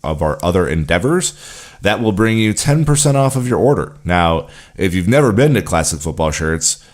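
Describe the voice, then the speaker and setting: A man's voice: low-pitched, sing-song, normal speed. A man co-hosting a football podcast in easygoing, chatty conversation, often saying "you know". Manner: laid-back, chatty, uses "you know" a lot. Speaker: podcast co-host. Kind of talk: casual podcast chat.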